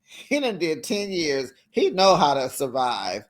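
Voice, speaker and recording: A reality TV reviewer giving casual commentary to the camera, animated and talking straight to the cast. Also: mid-range voice, unhurried. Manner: animated, talks straight to the cast, acts out quotes.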